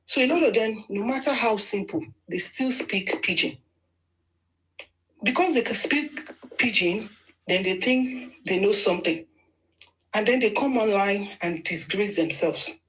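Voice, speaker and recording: A political commentator with a Nigerian accent, this woman speaks a little slowly with lively intonation at medium pitch. Her casual, emphatic political monologue is argumentative and often restarts, and the audio is low quality.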